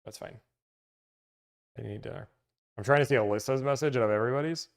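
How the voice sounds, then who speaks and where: A man's voice: medium pitch, fast talker, vocal fry. A man hosting a casual livestream, rambling and interrupting himself as he chats with viewers about car deals. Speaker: car-buying negotiation service host.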